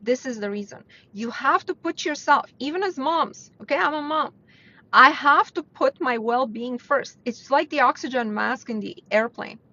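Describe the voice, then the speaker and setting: A woman hosts a casual motivational livestream, talking bluntly and earnestly. Her voice sits somewhat high and jumps up when she drives a point home. The audio is dull and lo-fi. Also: expressive, normal speed, sharp tone. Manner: blunt, earnest, rises in pitch to stress points. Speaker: host of a weekly live mindset stream. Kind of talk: casual motivational talk to live viewers.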